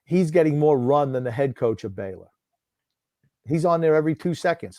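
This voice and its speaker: A man co-hosting a casual football watchalong podcast, gruff and blunt, given to rambling asides. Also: mid-range voice, lively intonation, a little fast, mellow, dry recording. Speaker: podcast co-host called Grump. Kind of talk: casual game watchalong chat.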